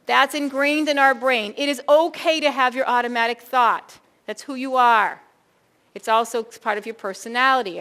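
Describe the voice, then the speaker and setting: Middle-aged female keynote speaker, animated, talks straight to a room of educators. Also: high voice, normal speed. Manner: animated, addresses audience as folks, acts out quoted thoughts. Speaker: school behavior consultant and keynote speaker.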